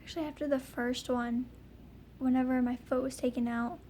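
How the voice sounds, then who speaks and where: High-voiced young woman rambling a story. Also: steady tone, moderate pace, mellow, slight background noise. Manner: rambling, full of ums and likes. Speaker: vlogger. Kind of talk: casual storytime vlog.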